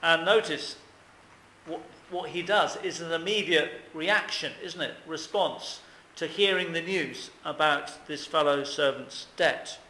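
A man's voice: a little high, unhurried, bright, forceful tone, echoey room, a little hiss or hum, poor audio. A man preaching a sermon, earnest and emphatic, often asking questions of his listeners.

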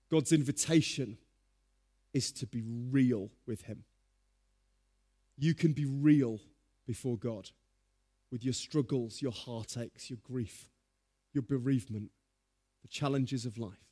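A man preaching a sermon, telling stories in a lively, humorous way. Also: medium pitch, slow pace, pauses often.

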